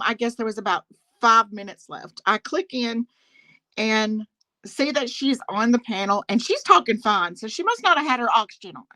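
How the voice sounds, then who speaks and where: A woman's voice: on the high side, bright, forceful tone, no echo, rough recording. A woman on a live talk panel, telling a story in a casual, indignant rant and laughing often as she talks to the host.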